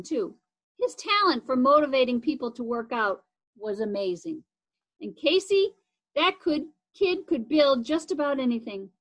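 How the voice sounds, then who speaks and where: A woman reads a children's chapter book aloud, relaxed and casual, now and then stumbling and restarting a word. Her voice sits high. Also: low-quality recording. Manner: casual, with occasional slips and restarts. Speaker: reader.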